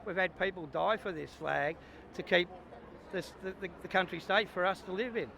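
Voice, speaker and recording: A man's voice: high voice, moderate pace, vocal fry, sharp tone, slight background noise. An Australian man at a street rally answering interview questions, earnest and repetitive, often saying "mate". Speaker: rally participant. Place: outdoors at a city street rally.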